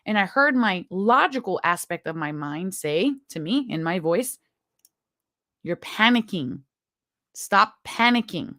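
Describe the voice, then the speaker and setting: A woman's voice: mid-range voice, a bit bright, no echo. Woman retelling a near-drowning, dry close sound. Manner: earnest, halting, emotional retelling. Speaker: storyteller. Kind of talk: personal story told to viewers.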